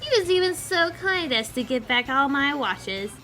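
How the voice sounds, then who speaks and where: A woman's voice: high-pitched, big pitch swings, normal speed, sharp tone, faint music behind, full character voice. A woman voicing a scheming male rogue in a fan audio drama, speaking in a cocky, theatrical way. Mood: smug.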